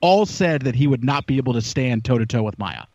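A man's voice: mid-range voice, expressive, fairly quick, darkish tone, dry recording. A man as a podcast guest in casual chat, opinionated and rambling with frequent restarts. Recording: dull lo-fi call audio.

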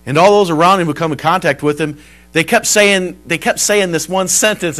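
A male pastor preaching a sermon at a church service, telling a story and moving between hushed and emphatic delivery. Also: fairly high pitch, normal speed, soft background music, poor audio.

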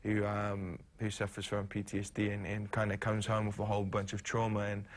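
A man with a New Zealand accent, an actor guesting on a TV morning show, talking in a halting way with many ums and restarts. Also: on the low side, completely flat delivery. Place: TV studio.

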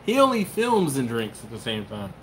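A man's voice: medium pitch, huge pitch swings, moderate pace, fairly bright tone, slight background noise. A man hosting a casual live stream from his home kitchen, reading viewer comments aloud and riffing on them. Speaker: host.

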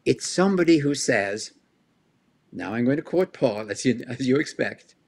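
A male historian answers an interview question in a lively, explanatory way. He stacks rhetorical questions and chuckles between points. His voice sits at an ordinary middle pitch. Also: moderate pace, vocal fry. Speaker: historian guest.

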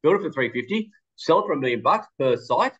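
A man presenting at a webinar, rattling through an anecdote at a brisk clip. His voice sits a little higher than most men's, and he slips into quoted dialogue as he tells the story. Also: big pitch swings, breathy edge, lo-fi sound.

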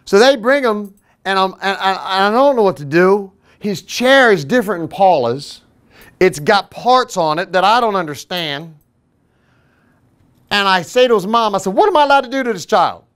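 Man, fitness podcast host, animated self-deprecating storyteller, very lively pitch. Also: unhurried, clean tone. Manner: animated, self-deprecating, acts out quoted voices. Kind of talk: casual anecdotal storytelling.

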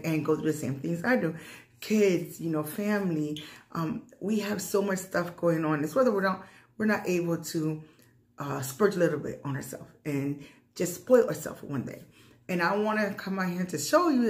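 A woman talking in a casual, rambling way for her vlog, repeating herself for emphasis, with lots of fillers and gushing excitement. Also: on the low side, roomy sound. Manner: gushing with excitement when showing her purchase. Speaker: vlogger.

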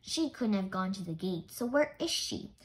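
A woman's voice: medium pitch, sing-song, moderate pace, natural voice, rough recording. A woman reading aloud, voicing a clever, observant young girl detective in a children's storybook. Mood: thoughtful.

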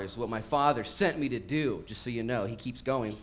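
A man preaching a sermon in a church, talking casually with frequent fillers and getting animated as he tells stories. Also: medium pitch, brisk, a little hiss or hum. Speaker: pastor. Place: church sanctuary. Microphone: live-streamed recording.

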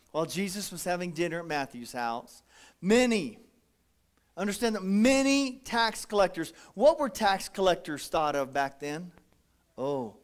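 A man preaching a folksy, animated sermon as pastor, acting out little quotes. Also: sits high.

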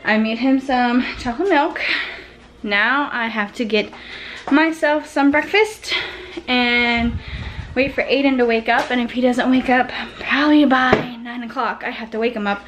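A woman's voice: a little high, unhurried, fairly bright tone, slight background noise, poor audio. A woman vlogging her morning at home as a homeschool mom, chatting casually and laughing often, talking sweetly to her small son. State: out of breath. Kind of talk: casual vlog chat. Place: home kitchen, indoors.

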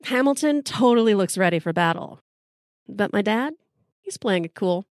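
A woman's voice: mid-range voice, animated, normal speed, a little mellow, no echo, studio quality. A middle-aged American woman telling a personal story in a wry, casual, sometimes profane way. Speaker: storyteller host.

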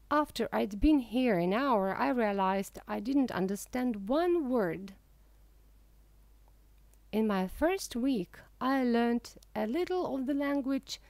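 A woman narrating a humorous audiobook for English learners, reading in a careful, even way. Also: fairly high pitch, no echo.

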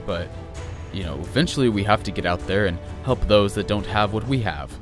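Earnest superhero father, low steady voice, background music as a man plays him. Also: fairly quick, close to an everyday voice. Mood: firm. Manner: calm, earnest, lecturing.

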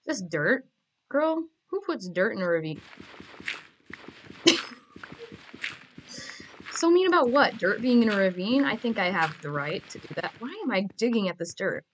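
A woman's voice: mid-range voice, very animated, measured pace, pauses often, a little hiss or hum. A woman giving casual, playful commentary while playing a game, joking and giggling to herself. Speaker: Minecraft player.

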